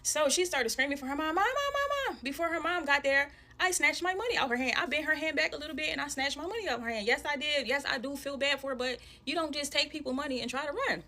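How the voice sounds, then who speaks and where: A woman telling a storytime to camera, animated and slangy, calling her viewers y'all. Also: sits high, fast, few pauses. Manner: animated storytelling, acting out voices in quotes.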